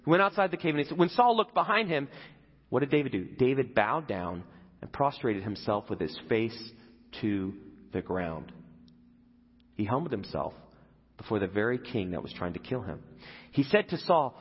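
A man's voice: mid-range voice, expressive, moderate pace, long pauses, husky. A man preaching a sermon in a conversational way, often putting questions to his listeners. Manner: conversational, asks the audience questions. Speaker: pastor. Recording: echoey hall, dull lo-fi.

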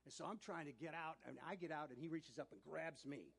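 A man preaching, telling a personal story in a sermon, animated and often laughing as he talks. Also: a little high, a little fast, gravelly, husky.

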